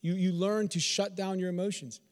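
A man with a high voice preaches from Texas-born conviction, stacking repeated phrases and rhetorical questions. His sermon rings out with a long reverb, as if in a large sanctuary. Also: fairly even intonation, moderate pace. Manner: repetitive, emphatic rhetorical questions. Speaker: pastor.

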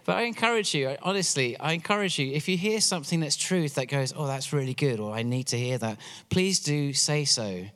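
A man's voice: a little high, a little fast, few pauses, a bit bright. A man from England with an English accent, a church worship director giving a chatty, joking message to a congregation. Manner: chatty, joking, encouraging crowd. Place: church hall. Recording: long hall reverb.

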